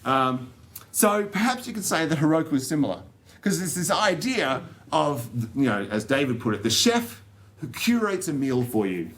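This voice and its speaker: A man's voice: fairly high pitch, sing-song, normal speed, a bit bright. An Australian man giving a technical talk to an audience, joking and rambling with plenty of fillers and restarts. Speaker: conference speaker. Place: conference room.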